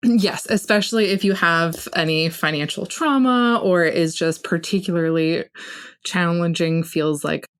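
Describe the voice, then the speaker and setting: Thoughtful, affirming woman, lowish voice. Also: unhurried, clear, resonant tone. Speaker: financial coach guest. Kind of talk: casual interview chat.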